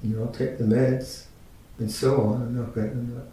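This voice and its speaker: Older male teacher in his 60s, mellow tone, unhurried dharma talk, picked up from far off in a big echoey room. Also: little pitch movement. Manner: unhurried, halting, gently humorous. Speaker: Buddhist teacher. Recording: very echoey room, mic at a distance, faint rumble.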